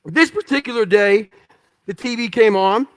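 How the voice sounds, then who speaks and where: A man's voice: high-pitched, normal speed. A man telling his life story to an audience in blunt, profane, punchy phrases, acting out what he thought back then. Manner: emphatic, punchy short phrases. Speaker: motivational speaker.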